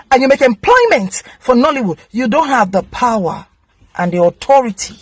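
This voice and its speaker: A woman's voice: a little high, no echo. A Nigerian woman, an actress and vlogger, scolding in a heated direct-to-camera rant and repeating phrases for emphasis.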